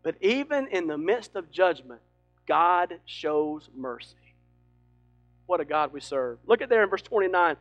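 A man preaching a sermon with emphatic delivery that swings between loud and hushed. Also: high-pitched, animated, measured pace, dull audio. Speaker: pastor.

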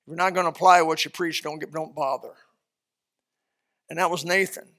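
Male preacher, sermon, lively storytelling, high pitch, bright tone. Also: fairly quick. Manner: animated, conversational storytelling.

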